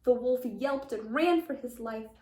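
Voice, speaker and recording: A woman reading a fairy tale aloud to young children, expressive and dramatic. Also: a little high, unhurried, far from the mic. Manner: expressive, gasping and wondering aloud. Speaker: preschool teacher. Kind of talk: storybook read-aloud for children. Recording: roomy echo.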